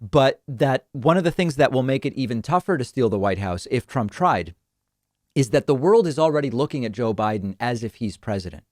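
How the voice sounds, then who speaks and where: A man's voice: medium pitch, animated, brisk, darkish tone, dry recording. Dry-voiced male political show host. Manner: wry, amused commentary. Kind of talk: solo political commentary.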